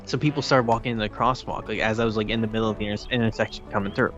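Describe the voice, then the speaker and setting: A man chatting casually over a game, telling a story in halting starts with many fillers. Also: on the low side, steady tone, fairly bright tone, lo-fi sound, soft background music. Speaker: co-host. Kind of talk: casual gaming chat.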